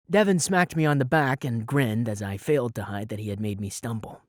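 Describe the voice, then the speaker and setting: A man's voice: on the low side, fairly quick, hardly any pauses, no room sound. A man narrating a first-person audiobook in a wry, sarcastic storytelling manner, on a close studio mic.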